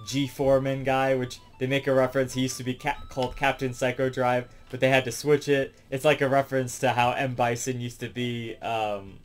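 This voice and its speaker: A man with a mid-range voice recaps a film in a loose, wandering way, leaning on "um" and "like" as he goes. He talks as a reviewer in a relaxed, unscripted chat, and faint music plays behind him. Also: mid-range voice. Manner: rambling, heavy on fillers like "um" and "like". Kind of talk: casual spoken movie recap.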